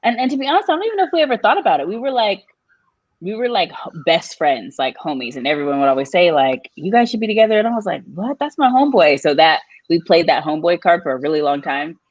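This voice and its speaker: A woman telling a personal story on a live podcast, animated, her voice jumping up high when she quotes people. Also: fast talker, no echo, dull audio. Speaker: guest.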